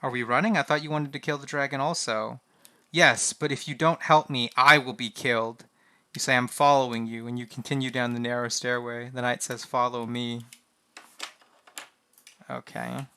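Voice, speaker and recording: A man streaming a text adventure game, reading its lines aloud and reacting in an animated, swearing way. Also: medium pitch, fairly quick.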